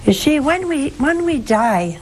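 An older woman preaches at a slow, deliberate pace, her fairly high voice climbing sharply when she stresses a point. She speaks as a nun hosting a religious call-in program. A faint hiss sits under the recording. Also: sing-song, darkish tone, rough recording. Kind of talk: sermon and call-in counsel.

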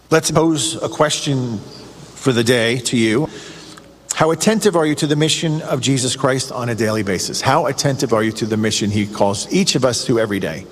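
A man preaching a sermon in an earnest way, asking the listener questions and growing excited. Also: medium pitch, husky. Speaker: priest or preacher on a radio show. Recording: long reverb, faint ambient noise.

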